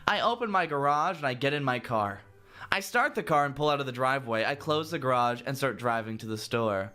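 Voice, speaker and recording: A man's voice: mid-range voice, fairly quick. A man reading a fan fiction about himself aloud, stopping often to mock it with sarcastic asides. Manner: sarcastic, animated. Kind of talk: dramatic reading with sarcastic commentary.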